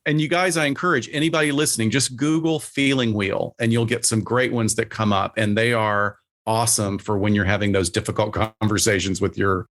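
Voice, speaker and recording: A man's voice: fairly low pitch, a little fast, few pauses. A man who is a psychologist, talking casually as a podcast guest and acting out quotes as he explains. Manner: relaxed, plainspoken, acts out quotes.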